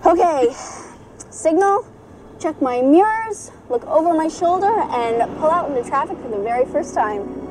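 An actress playing an excited teenage girl learning to drive, bubbly and eager. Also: high voice, unhurried, background noise. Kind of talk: sitcom acting.

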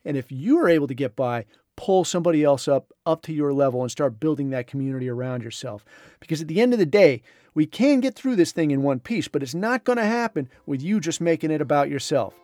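A middle-aged man speaks in a casual storytelling voice, slightly high for a man. He drifts through his anecdote in a relaxed, conversational way and shifts into voices when he retells what others said. The sound is dry and close, with no room echo. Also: fast. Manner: laid-back, conversational, drawls and mimics others in retold dialogue. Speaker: podcast host.

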